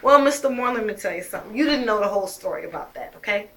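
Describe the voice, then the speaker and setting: A woman's voice: mid-range voice, lively intonation, very fast, a bit bright. A young woman telling her own story as a mother, emphatic and heated, swearing often. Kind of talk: emotional personal storytelling.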